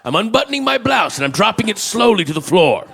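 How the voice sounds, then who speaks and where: A man doing an impression of an intense, menacing old-time oilman, making slow, theatrical pronouncements. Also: sits high, big pitch swings, vocal fry, fairly bright tone, soft background music, pitched above the performer's own voice, heavily acted.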